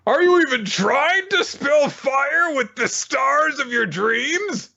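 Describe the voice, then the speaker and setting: A man putting on the voice of an overzealous male sports captain who booms a pep talk. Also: a little slow, creaky, pushed and bright, highs cut off, heavily acted. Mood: fired up. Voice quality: booming, overblown.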